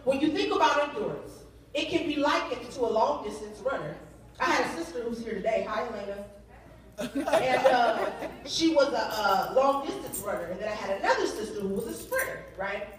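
A high-voiced woman preaches a lively sermon, leading her congregation in call and response with a playful touch. Her voice comes from far off and rings through a very echoey hall. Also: normal speed, a crowd in the background. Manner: lively, humorous, leads congregation in repetition. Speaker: youth day speaker. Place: church sanctuary.

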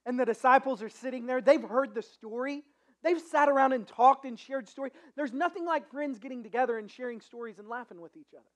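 Pastor, high pitch, casual storytelling sermon delivery, animated, with frequent restarts. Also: brisk.

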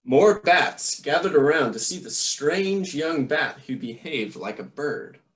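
A man reading a children's picture book aloud with expressive asides to his listeners. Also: fairly high pitch, takes it slowly, echoey room. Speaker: storytime reader.

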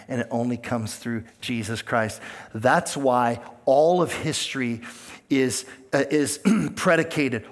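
Man, pastor, earnest sermon, middle pitch, lifts and swells on key points, quotes in character. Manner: earnest preaching, rising in pitch and volume on key points, acting out quoted voices; plain delivery with fillers and restarts, not scripted.

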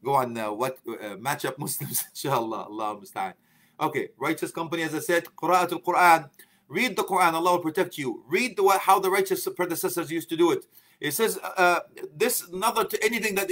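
A man's voice: high-pitched, a bit bright. A middle-aged man giving an informal religious talk as a preacher, chatty and joking, laughing often and sprinkling in Arabic phrases. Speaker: Islamic preacher.

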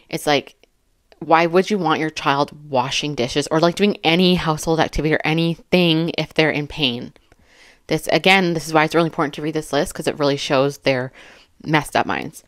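This commentary YouTuber, a woman in her thirties, has a low-pitched voice and sounds a little breathless. She reads a list aloud and riffs casually on each item, full of filler words and laughs between remarks, in a dry studio-quality recording.

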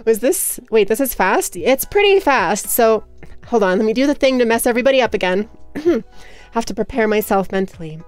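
A young woman livestreamer chatting casually with her viewers, talking rapidly and nonstop with hyperactive energy. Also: fairly high pitch, very animated, a little mellow, no echo, faint music behind. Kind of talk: casual chat with stream viewers.

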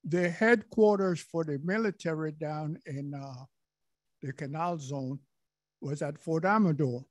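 A former serviceman speaks up from the audience in an unhurried storytelling manner. His voice sits a touch high. The sound is dry, with no room echo. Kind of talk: recollection at a public session. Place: event room.

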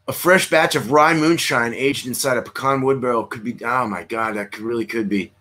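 A man's voice: mid-range voice, brisk, sharp tone. A man hosting a solo beer livestream, his voice right in the middle of the range for a man. He talks in a loose, rambling way to his chat, tripping over and repeating words. He drops a casual curse here and there, recorded on a computer mic. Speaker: beer review livestream host.

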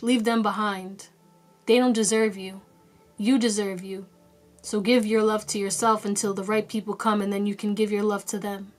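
A tarot reader with a slightly high voice runs a casual pick-a-card reading for her viewers. Direct and encouraging, she repeats short commands, swears casually, and laughs at herself.

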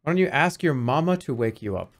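A man's voice: medium pitch, animated, a little fast, close to an everyday voice. A man reading as a scolding café boss. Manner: scolding and sarcastic.

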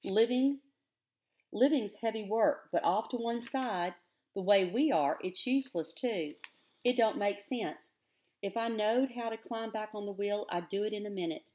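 A woman's voice: medium pitch, unhurried, dark tone, natural voice. A woman voicing a weary, earnest rustic father who talks in plain country grammar. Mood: pleading.

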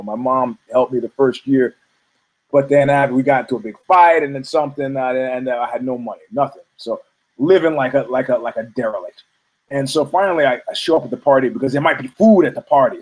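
A man's voice: medium pitch, darkish tone, low-quality recording. A man hosting a talk show, rambling through a profane story full of restarts and asides. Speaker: host.

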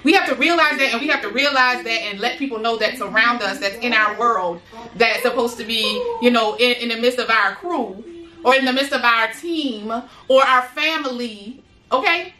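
Bright, emphatic high-voiced woman. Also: normal speed, echoey room. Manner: emphatic, repeats phrases, casual slang. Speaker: motivational speaker, mother of boys with special needs. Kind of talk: motivational talk to other parents.

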